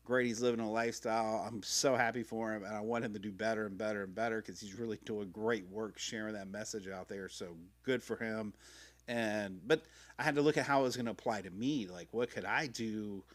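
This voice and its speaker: A man's voice: fairly low pitch, steady tone, brisk. A middle-aged man hosting a podcast, telling his story in a rambling, slangy way, swearing freely and acting out quotes. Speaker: podcast host. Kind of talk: casual personal storytelling. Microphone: podcast mic.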